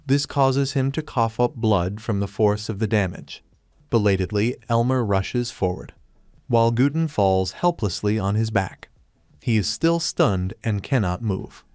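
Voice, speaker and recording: A man reading a scripted story recap in a steady, even storytelling manner. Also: fairly low pitch, a little slow, no room sound. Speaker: recap narrator.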